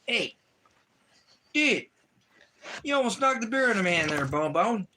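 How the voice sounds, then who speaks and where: A man doing a squeaky, wildly swooping voice that teases a dog. It is high and bright, with a playful scolding edge. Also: sing-song, unhurried, slight background noise, full character voice. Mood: teasing. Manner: playful, teasing.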